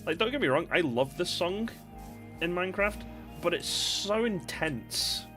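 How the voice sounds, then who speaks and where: A man with a high-pitched, expressive voice gives casual, rambling let's-play commentary while streaming a game, speaking a little slowly. He chats and laughs often, with faint game music in the background.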